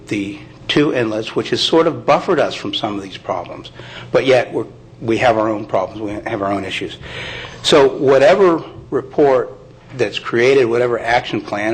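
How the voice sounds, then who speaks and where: A man's voice: on the low side, slight background noise, low-quality recording. A man speaking earnestly at a county commission meeting. He apologizes, restarts his sentences and lays out his plans. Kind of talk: public meeting testimony.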